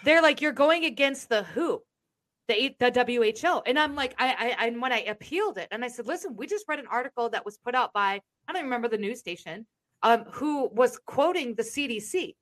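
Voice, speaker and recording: A Texan woman hosting a live stream, talking loud and brash, swearing freely in casual chat. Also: fairly high pitch, lively intonation, fairly quick. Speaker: live show host.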